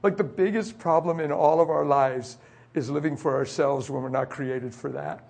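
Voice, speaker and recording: A man's voice: fairly high pitch, fairly even intonation, moderate pace, vocal fry, darkish tone. A middle-aged man preaching, telling an emotional personal testimony in a confessional way. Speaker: pastor.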